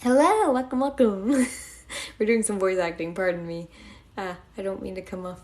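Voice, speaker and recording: A woman's voice: lowish voice, steady tone, moderate pace. A young woman live-streaming, chatting casually and giggling as she thanks her viewers.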